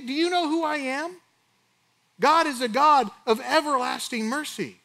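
High-voiced man preaching a sermon. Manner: animated preaching, rhetorical questions, acts out bursts of dialogue. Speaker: pastor.

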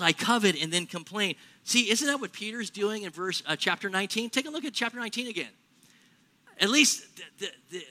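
A man preaching a sermon in a church, animated, acting out little everyday scenes in other voices. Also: high voice. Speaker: pastor.

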